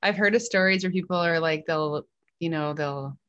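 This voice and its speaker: Woman host, low-pitched, soft and reflective, dry close sound. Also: moderate pace, no room sound, dull audio. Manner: gentle, reflective, searching for words. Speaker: podcast host. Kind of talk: empathetic conversational interview.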